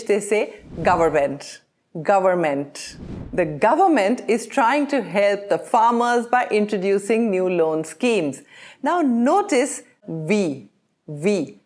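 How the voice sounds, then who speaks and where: Slow, expressive woman teaching pronunciation. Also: medium pitch. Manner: slow, carefully enunciated drills with questioning tones. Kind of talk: scripted pronunciation lesson.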